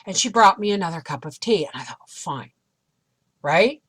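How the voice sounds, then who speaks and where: A woman's voice: mid-range voice, animated, a little fast, fairly bright tone, breathy edge. A middle-aged woman vlogger animatedly retelling a frustrating experience in a casual storytelling way. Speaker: homestead vlogger.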